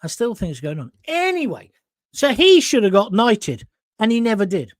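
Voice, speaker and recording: Animated, high-pitched man swearing. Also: normal speed, dry recording, studio quality. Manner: swearing, rambling with restarts and asides. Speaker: host. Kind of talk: casual storytelling monologue.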